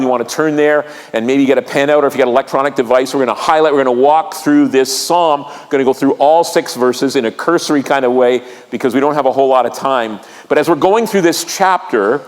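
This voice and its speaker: Earnest pastor preaching in a reverberant church. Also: male voice, a little high. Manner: earnest, repeats key lines, asks the congregation questions. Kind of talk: sermon. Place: church sanctuary.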